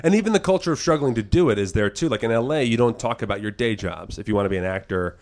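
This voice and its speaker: A podcast co-host tells animated stories in casual chat, acting out quotes and swearing freely. His voice is mid-range and he talks fast.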